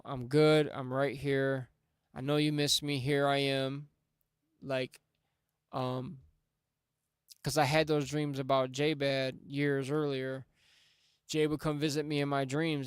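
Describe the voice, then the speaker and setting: A man's voice: mid-range voice, clean tone, no echo, studio quality. Earnest slangy man on a stream. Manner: earnest, heartfelt, slangy with frequent "like" and "bro". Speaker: music livestream host. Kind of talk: casual livestream storytelling. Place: home music studio. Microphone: studio microphone.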